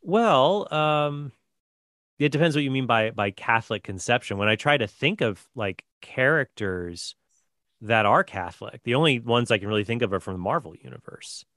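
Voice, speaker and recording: An eager man guest on a podcast, talking in a rambling rush of "um" and "like" and often restarting his sentences. His voice has a middle pitch, and it sounds close and dry, with no room echo. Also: expressive, a bit bright. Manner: fast, rambling talk full of fillers and restarts; enthusiastic comic-book fan. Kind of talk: casual podcast chat.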